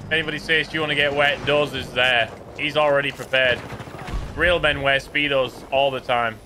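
A man from the UK giving joking, excitable commentary while playing a game, chatting to his teammates. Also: mid-range voice, fairly quick, a little hiss or hum. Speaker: gaming YouTuber. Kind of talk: casual gameplay commentary. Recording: game sounds clearly behind the voice.

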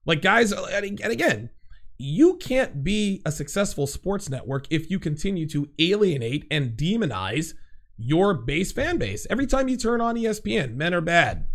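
A man hosting a livestream, reading out chat comments in blunt, profane, excitable casual talk. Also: sits high, moderate pace.

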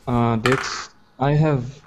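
A man speaking as a player in a tabletop game, hesitant and halting in his phrasing. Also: medium pitch, fairly even intonation, background noise. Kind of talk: casual tabletop play.

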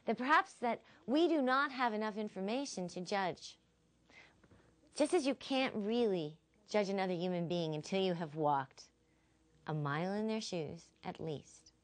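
Woman philosophy teacher, expressive lecture voice, animated pitch, storytelling. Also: unhurried. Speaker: college philosophy instructor.

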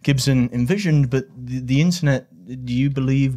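A man's voice: mid-range voice, normal speed, mellow. A man hosting a public conversation, politely steering the guest toward his question. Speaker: host.

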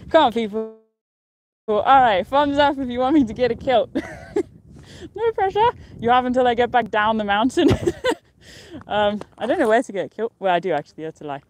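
A young woman livestreams from a mountain top as an outdoor vlogger, chatting cheerfully and casually, rambling and laughing a lot. Her voice is fairly high and animated, her pace fairly quick, and there's a little hiss or hum.

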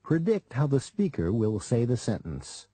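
Guy reading a language lesson, husky and warm, swoops his pitch a lot. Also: big pitch swings, normal speed, no echo. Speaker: lesson narrator. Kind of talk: scripted instructional narration.

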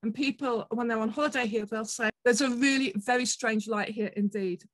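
A woman from southern England with a Portsmouth accent, giving a conference talk in a chatty way, often pausing on ums and restarting. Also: on the high side, dry recording, poor audio. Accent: Portsmouth English. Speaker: conference speaker. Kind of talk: presentation talk.

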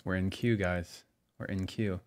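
A man's voice: low voice, fairly even intonation, unhurried, darkish tone. A man in his forties streaming a shooter game from a room at home, chatting casually, mocking himself and swearing often. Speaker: livestreamer playing a shooter game. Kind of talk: casual gameplay commentary.

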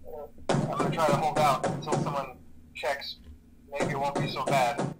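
An actor playing a nervous male night-shift phone guy leaving a halting, stammering recorded message in a horror game. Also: a little high, level tone, loud music behind the voice, natural voice. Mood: uneasy. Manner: halting, stammering, full of uneasy pauses.

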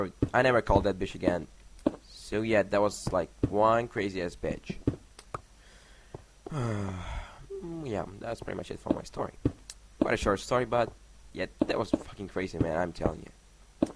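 A young man telling a story while playing a game, rambling and swearing often. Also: fairly low pitch. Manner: rambling, swears a lot, counts blocks under his breath. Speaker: gaming vlogger. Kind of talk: casual storytelling over gameplay. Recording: noisy home mic recording.

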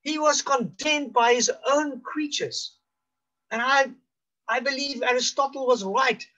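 A male pastor with a South African accent preaching slowly and deliberately, rising for emphasis and dropping to a hush. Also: very high-pitched, highs cut off. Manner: slow, deliberate preaching with emphatic rises and hushed drops. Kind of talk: sermon.

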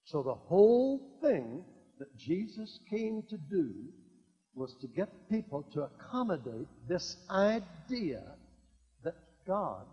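Older man, sermon, husky high voice, lively swings, long hall echo, dull lo-fi sound. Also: takes it slowly. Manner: swings from quiet asides to loud emphatic proclaiming, repeats key lines. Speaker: evangelist. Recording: dull lo-fi recording in a reverberant hall.

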